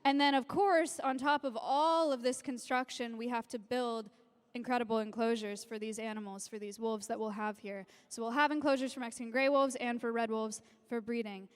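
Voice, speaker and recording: Young woman presenter, gushing and excited, smooth clear voice, live stage mic in a big hall. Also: on the high side, moderate pace. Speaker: sanctuary founder presenting on stage. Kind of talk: live-streamed stage announcement. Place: large convention hall with live audience. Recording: long hall reverb.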